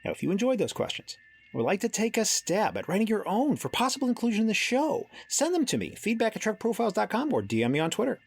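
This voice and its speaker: A man's voice: high voice, quick pace, gravelly, breathy edge. A man hosting a podcast, reading announcements playfully and then interviewing a guest. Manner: playful, animated delivery. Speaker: podcast host.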